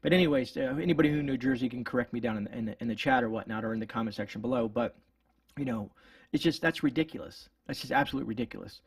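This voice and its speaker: A man's voice: mid-range voice, rapid-fire, vocal fry, breathy edge, no echo, distant mic. A man hosting his channel, giving indignant, rambling political commentary with many restarts. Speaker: homestead channel host.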